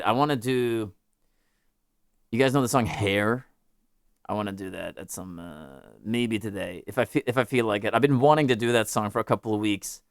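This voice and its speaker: A man's voice: on the low side, moderate pace, clear, resonant tone, no echo, clean studio sound. A man hosting a live music stream, chatting casually with viewers, rambling and joking as he interrupts himself. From United States.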